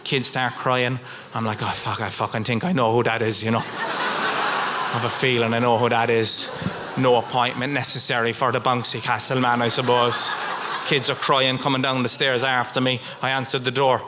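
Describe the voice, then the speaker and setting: A middle-aged Irish man performing stand-up comedy, telling a story with swings from low mutters to high outbursts. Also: little pitch movement, moderate pace, background noise. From Ireland. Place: live stage.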